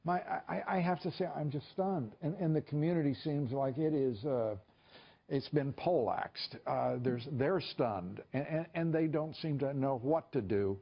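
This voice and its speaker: Tv news guy ranting about a story, dull lo-fi sound, kinda halting. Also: fairly high pitch, creaky. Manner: opinionated, halting with fillers. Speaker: television news host. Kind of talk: cable news commentary. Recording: dull lo-fi broadcast audio.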